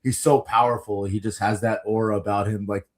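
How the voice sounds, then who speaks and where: Laid-back low-voiced man. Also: flat delivery, brisk. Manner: laid-back, slangy ("bro", "dude"). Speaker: co-host. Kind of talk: casual livestream chat.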